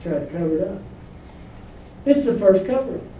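Reading scripture aloud and asking the congregation questions, a pastor preaches in a church hall. His high, mellow voice is expressive and moderately paced, captured distantly in an echoey space with a little hiss or hum.

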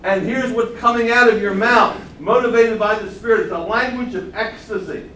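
Older man preaching with animated swings. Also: high-pitched, moderate pace. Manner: animated, swings from loud exclamations to quiet asides. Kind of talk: sermon. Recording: roomy sound from far off the mic, faint hum.

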